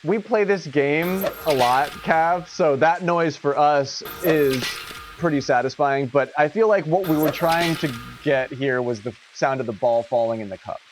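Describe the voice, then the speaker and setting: A man's voice: on the high side, measured pace, noisy background. A man hosting a casual livestream who laughs often and swears freely. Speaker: livestream host.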